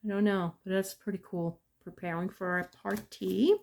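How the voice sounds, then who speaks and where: A woman casually chatting through an unboxing, murmuring card names and softly admiring the artwork as she flips through the deck. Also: mid-range voice, steady tone, normal speed, creaky. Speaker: tarot unboxing vlogger.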